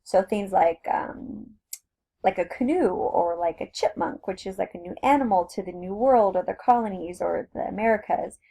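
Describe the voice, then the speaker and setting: A woman teacher with a Southern Californian accent talks through a recorded lecture. She speaks at an ordinary pitch and keeps it casual and conversational, explaining step by step with plenty of fillers and restarts. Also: normal speed, gravelly, warm tone, breathy edge. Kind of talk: recorded flipped-classroom lecture.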